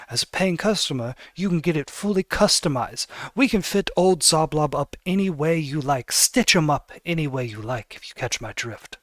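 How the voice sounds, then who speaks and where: A man voicing a smooth, elegant male tailor who takes orders for murders, talking in a polite, silky and ominous way, in a tabletop game. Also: a little high, fairly bright tone, no echo.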